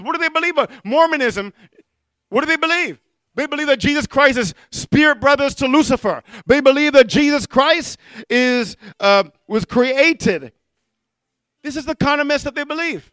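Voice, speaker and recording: High-voiced, bright fervent male preacher. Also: animated, moderate pace, no room sound. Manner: fervent preaching, punctuated with amens and hallelujahs; mocking impressions of other preachers. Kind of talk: sermon.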